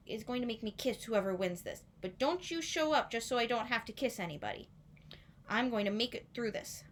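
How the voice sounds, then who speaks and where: A woman's voice: a little high, a bit bright, natural voice. A woman voicing a clever, patient young maiden who talks politely and earnestly in a storybook.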